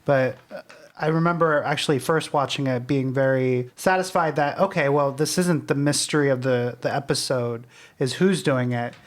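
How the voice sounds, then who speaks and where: A man's voice: mid-range voice, steady tone, moderate pace. A man co-hosting a podcast, talking in a reflective, casual way with fillers. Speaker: podcast co-host. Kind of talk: casual chat.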